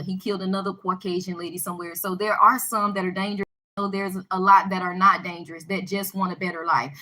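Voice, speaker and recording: A woman telling a personal story to her viewers in a casual vlog, animated and emphatic, often repeating herself. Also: mid-range voice, low-quality recording. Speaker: vlogger addressing her viewers.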